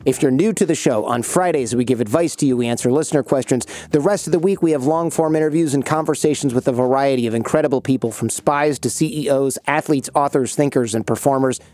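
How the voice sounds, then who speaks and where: A man hosting a podcast, telling a funny personal story with lively energy and frequent laughter. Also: medium pitch, quick pace, few pauses, faint music behind. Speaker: podcast host. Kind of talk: casual storytelling chat.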